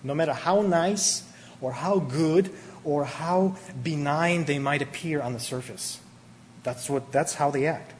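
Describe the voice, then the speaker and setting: A man preaching a sermon, animated and emphatic, often restarting his words. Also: fairly high pitch, a little slow. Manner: animated, rising to emphatic peaks, with many restarts. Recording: hall reverb with faint ambient noise.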